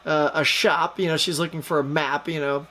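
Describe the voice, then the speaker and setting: A man's voice: fairly high pitch, level tone, moderate pace, pushed and bright. A man reviewing a film, retelling the plot in a chatty, rambling way, full of fillers and jokey asides. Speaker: movie reviewer.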